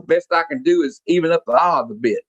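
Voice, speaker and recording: Man doing a comic-book cowboy pilot, slow folksy drawl, raised pitch, dry sound. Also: fairly bright tone, no echo, lo-fi sound.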